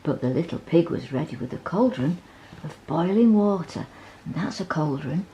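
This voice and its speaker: A woman reading a bedtime story aloud, gently asking the child to look at the pictures. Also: fairly low pitch, lively intonation, moderate pace, lo-fi sound, slight background noise.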